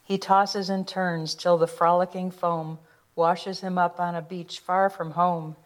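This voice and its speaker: Low-voiced woman reading a rhyming storybook. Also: unhurried. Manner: rhythmic, expressive. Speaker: storybook reader. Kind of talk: reading a rhyming picture book aloud.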